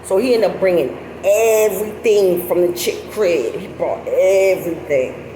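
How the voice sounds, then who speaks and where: A middle-aged woman telling a story casually, animated and profane, her voice breaking into high laughing squeals. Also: measured pace. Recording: echoey with loud background noise.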